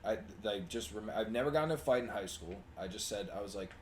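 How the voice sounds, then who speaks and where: A man's voice: fairly low pitch, fast. Profane young man telling stories. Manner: profane, animated storyteller, drops loud for quoted lines. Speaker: podcast co-host. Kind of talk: casual storytelling chat. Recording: amateur podcast audio with faint noise.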